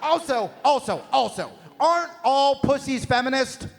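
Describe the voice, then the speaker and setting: A man performing a stand-up comedy set on stage, with profane, shouting rants and rapid asides. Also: very high-pitched, expressive, creaky. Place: live venue on stage.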